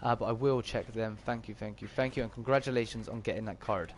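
A man's voice: lowish voice, steady tone, fast talker, slight background noise. A man with a Bristolian accent giving chatty live-stream commentary while he plays and answers his chat. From Bristol, England. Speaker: game streamer.

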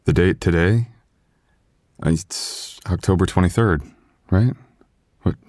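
A man's voice: sits low, slow, darkish tone, dry recording, clean studio sound. A man voicing a loving young husband in an ASMR boyfriend role-play, stammering and soothing as he apologizes. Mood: puzzled.

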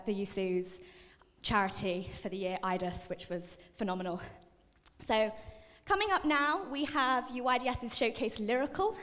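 A young woman announces acts at a live student dance show, out of breath and talking in a chatty, slightly flustered way. Her voice sits a little high. It rings with a long reverb through a big hall. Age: young adult. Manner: chatty, flustered, many fillers. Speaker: showcase presenter. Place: large dining hall.

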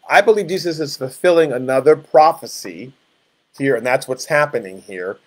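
A man leading a Bible study, teaching in an animated way, asking rhetorical questions and acting out scripture dialogue. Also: fairly high pitch. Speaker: pastor.

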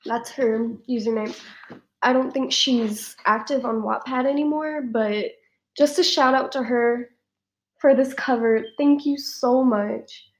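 A woman's voice: fairly high pitch, unhurried. A woman vlogging an unboxing in a casual, emphatic way, repeating herself and laughing between words. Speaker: fan fiction writer and vlogger.

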